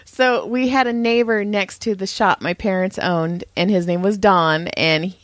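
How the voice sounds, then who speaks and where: A woman's voice: medium pitch, steady tone, measured pace, no room sound, clean studio sound. A woman co-hosting a podcast, telling stories in a casual chat, laughing often and acting out quotes. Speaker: podcast co-host.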